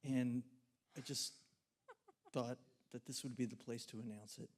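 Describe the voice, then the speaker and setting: A man joking deadpan on stage in front of a live audience. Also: medium pitch, a little slow. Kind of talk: stage banter.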